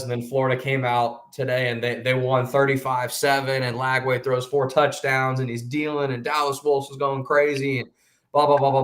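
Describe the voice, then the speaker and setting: A man co-hosting a sports podcast, talking casually in an animated, emphatic way with quick restarts. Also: medium pitch.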